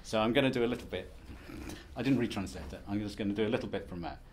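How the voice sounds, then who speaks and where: A man's voice: fairly low pitch, racing, slight background noise. A man giving a conference presentation as an academic, lecturing in a wry, self-deprecating, conversational way. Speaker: academic speaker.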